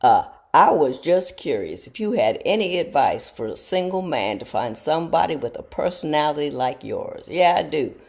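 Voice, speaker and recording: Middle-aged lady, low gravelly voice, lively up-and-down storytelling, folksy and chatty. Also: moderate pace, hardly any pauses. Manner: animated, jumps into high voices for quoted people; folksy, chatty, self-mocking. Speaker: show host talking to viewers. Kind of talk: casual storytelling monologue.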